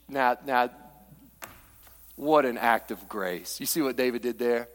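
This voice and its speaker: A male pastor preaching a sermon in a church sanctuary, swinging from hushed asides to fervent near-shouts. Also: mid-range voice, a little slow, long pauses. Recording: long reverb of a large church hall.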